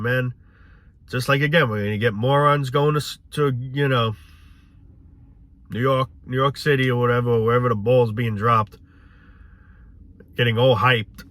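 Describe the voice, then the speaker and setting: A man's voice: medium pitch, a bit bright, no room sound. A man ranting cynically in a rambling, profane casual monologue.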